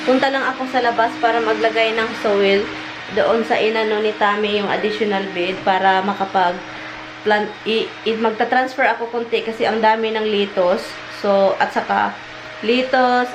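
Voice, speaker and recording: A woman's voice: mid-range voice, fairly even intonation, brisk, background noise. A Filipino-accented woman chatting casually in a home vlog, mixing languages as she talks through her chores. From Philippines. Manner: mixes Tagalog and English, chatty, baby-talks to pets. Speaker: vlogger. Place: home, indoors.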